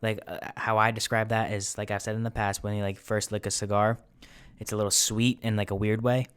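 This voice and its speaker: Man, home whisky review host, smooth voice, rambling and filler-heavy. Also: on the low side, flat delivery, brisk, a bit bright. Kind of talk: casual whisky tasting review. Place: apartment.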